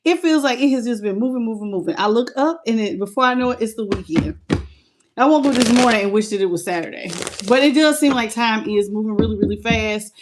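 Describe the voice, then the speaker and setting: A woman's voice: a little high, fast, slight background noise. A woman, chatting casually while doing a live-stream tarot reading and greeting viewers by name. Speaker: tarot reader.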